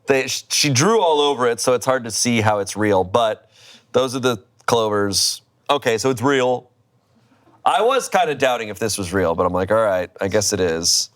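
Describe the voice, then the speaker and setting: An expressive man with a mid-range, slightly bright voice reads a story aloud at normal speed. Casual and theatrical, he swears freely, laughs, and acts outraged.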